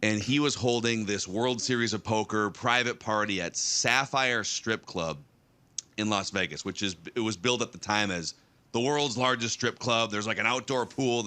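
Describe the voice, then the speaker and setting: A man's voice: medium pitch, normal speed, sharp tone, smooth. A man in his thirties, a guest telling a rambling story on a talk show with many restarts. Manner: rambling, with frequent restarts and fillers.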